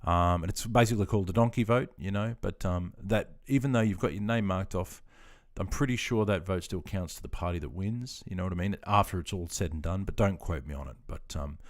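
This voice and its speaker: Laid-back Australian man with a lower voice. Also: brisk, few pauses. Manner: laid-back and chatty, calls viewers mate, self-deprecating. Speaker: livestream host. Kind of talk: casual livestream chat answering viewer comments.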